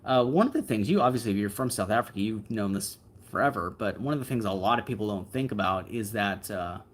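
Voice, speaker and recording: A man's voice: on the low side, lively intonation, quick pace, a little hiss or hum. A man hosting a livestream, chatting casually with viewers and answering their comments in an easygoing, rambling way. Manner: easygoing, rambling, frequent fillers and asides. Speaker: livestream host.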